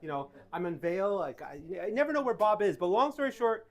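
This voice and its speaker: A man giving casual Q&A answers to a live audience, telling animated stories and correcting himself as he goes. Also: high-pitched, quick pace. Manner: animated storytelling, self-correcting. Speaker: tax advisor speaker. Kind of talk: casual Q&A talk.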